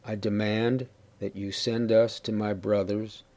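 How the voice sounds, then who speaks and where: A man's voice: fairly low pitch, little pitch movement, unhurried, dark tone. A man reading as a stern, insistent immigrant father. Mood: angry. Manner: firm, demanding.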